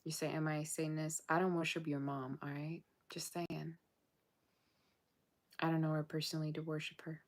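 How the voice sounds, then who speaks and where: A woman's voice: low voice, level tone, moderate pace. A woman giving a casual tarot reading straight to her viewers, blunt and sassy, tired and yawning late at night. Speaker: tarot reader.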